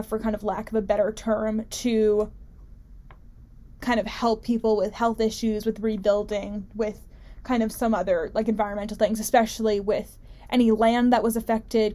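A woman's voice: on the high side, mellow. A woman hosting her own show, talking through a news story in an opinionated, casual way with frequent fillers and restarts. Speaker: show host.

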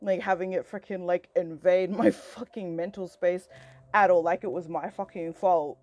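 A woman's voice: fairly low pitch, steady tone, normal speed, a little mellow. A young woman ranting to a friend, heated and profane, rambling with constant filler words, her voice rising as she gets worked up. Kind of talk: angry personal rant to a friend.

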